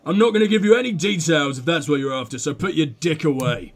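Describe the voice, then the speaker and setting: A man voicing a gruff, blunt, possessive tough guy in a detective game. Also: a little high, quick pace, voice pushed down.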